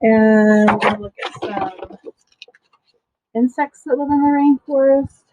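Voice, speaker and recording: A middle-aged woman teacher reading a picture book aloud to young students, explaining slowly with simple asides. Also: on the high side, dull audio, background noise.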